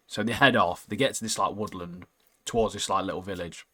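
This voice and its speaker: A man chatting casually about an anime as podcast co-host, slangy and animated, trailing off quietly at the ends of lines. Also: lowish voice, fairly quick. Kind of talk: casual anime recap chat.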